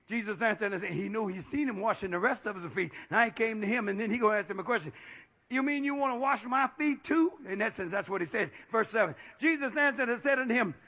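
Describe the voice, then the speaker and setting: A male pastor preaching a fiery, folksy sermon, peppered with amens and rising to shouts. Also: extremely high pitch, breathy edge. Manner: folksy, plain-spoken.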